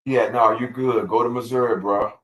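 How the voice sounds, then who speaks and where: A man's voice: medium pitch, steady tone, normal speed, a bit bright, poor audio. A man hosting a casual livestream, reading legal text aloud and answering viewers' chat in a laid-back way with lots of repeated words. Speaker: channel host answering live chat.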